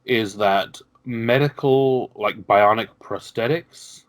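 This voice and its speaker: A man explaining the rules of a tabletop game as game master, measured and patient. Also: mid-range voice, dry recording, rough recording.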